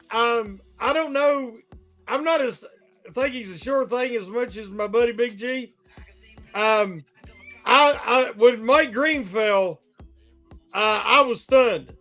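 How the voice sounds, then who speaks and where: A man with a very high voice joins a sports podcast as a guest, hesitant and full of fillers. Faint music plays behind him. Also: slow pace, long pauses, pushed and bright. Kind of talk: casual sports chat.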